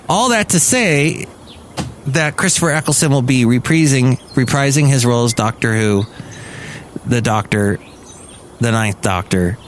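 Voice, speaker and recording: A man's voice: mid-range voice, slight background noise. An American man hosting a casual solo podcast, rambling enthusiastically and correcting himself as he goes. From United States. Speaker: podcast host and talk radio worker.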